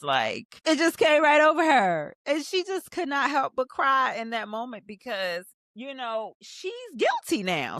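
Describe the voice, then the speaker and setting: A woman hosting a rewatch show, recapping a TV episode in casual commentary and acting out the characters' lines, sometimes jumping into high excited bursts. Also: no echo, clean studio sound. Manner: animated, acts out scenes in quoted voices. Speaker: rewatch podcast host.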